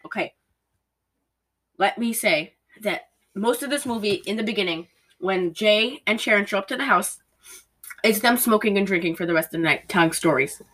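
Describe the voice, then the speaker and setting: A woman's voice: mid-range voice, normal speed, long pauses, fairly bright tone, poor audio. A woman co-hosting a podcast, chatting casually and rambling as she acts out bits of movie scenes. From Polish heritage. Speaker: podcast co-host. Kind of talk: casual chat.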